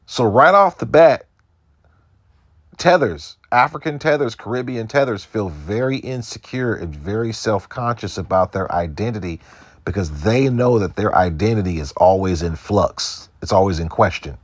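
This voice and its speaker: A podcast host from Seattle, United States, delivers a loose, profane monologue of stories, imitating other people's voices along the way. His voice sits fairly low and is expressive, at normal speed with no echo.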